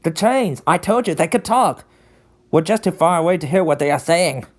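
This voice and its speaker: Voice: mid-range voice, lively intonation, normal speed, natural voice. A performer voicing a carefree, beach-loving young male conductor in a fan redub, with a laid-back, slangy delivery.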